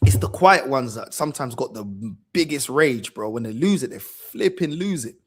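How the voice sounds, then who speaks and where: A man tells a story in relaxed chat, using plenty of slang. His voice sits in a middle pitch, and he keeps circling back to repeat his points. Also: normal speed, slightly rough. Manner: slangy, repeats phrases for emphasis. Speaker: football channel host.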